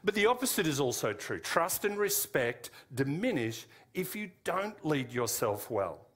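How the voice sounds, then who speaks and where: A man's voice: on the high side, big pitch swings, unhurried, a bit bright. Australian man, preacher, informal sermon, fillers, self-correcting. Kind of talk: sermon teaching.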